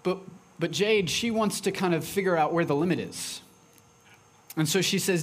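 A man's voice: high-pitched, moderate pace, a little hiss or hum. A man preaching a sermon as pastor, talking conversationally and acting out lines from his young daughter.

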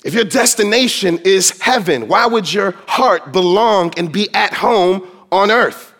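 A man with a notably high voice preaches a sermon. He leans into his points with emphasis. Now and then he slips into dramatic voices to quote scripture. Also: a little slow, fairly bright tone. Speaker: pastor.

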